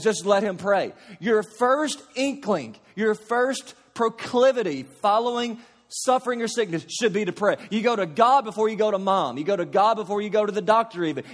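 A man preaching a sermon as pastor, earnest and building to impassioned cries. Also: high-pitched. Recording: long reverb of a large hall.

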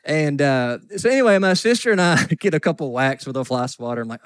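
A man's voice: fairly high pitch, animated, brisk, smooth, no echo. Male pastor, 40s, folksy storytelling sermon, dry close sound. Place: church sanctuary.

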